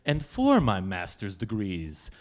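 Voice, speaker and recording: A man voicing a stern, haughty woman, speaking slowly and formally on a live stage. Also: fairly low pitch, wildly swooping pitch, pitched below the performer's own voice, heavily acted. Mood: imperious. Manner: slow, commanding, overly formal. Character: stern haughty Polish woman student, proud and imperious. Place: stage at a live storytelling event.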